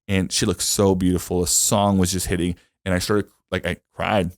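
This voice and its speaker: A man's voice: low voice, level tone, normal speed, no echo, studio quality. A man co-hosting a podcast, recounting his wedding day in casual chat, emotional and full of fillers. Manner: emotional storytelling with lots of fillers. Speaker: podcast co-host.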